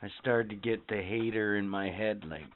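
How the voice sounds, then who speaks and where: A man's voice: fairly low pitch, fairly even intonation, moderate pace, slight background noise. A man co-hosting a podcast in crude casual chat, dry and sardonic, swearing freely. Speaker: podcast co-host. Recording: dry tinny phone-like audio.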